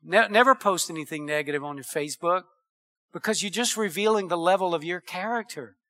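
A middle-aged man preaching a sermon, animated and calling the congregation for amens, laughing at his own jokes. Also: high-pitched, a little fast. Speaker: pastor.

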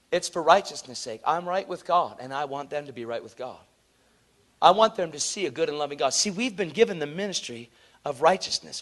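A man preaching a sermon, telling a story in an animated, earnest, conversational way and acting out the people in it. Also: on the high side.

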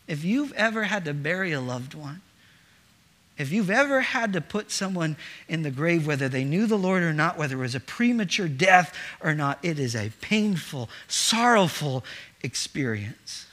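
Bright-voiced earnest male pastor. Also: on the high side, sing-song, moderate pace. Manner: earnest, repeats words when starting phrases. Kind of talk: sermon.

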